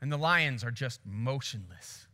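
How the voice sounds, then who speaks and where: A male pastor telling a story in a sermon, animated, acting out voices and sounds. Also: medium pitch, a little slow, big-room sound.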